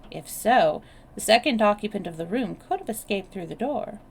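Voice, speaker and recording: A woman storyteller reading a novel aloud on a live stream, steady with small restarts. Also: mid-range voice, normal speed, gravelly, a little hiss or hum.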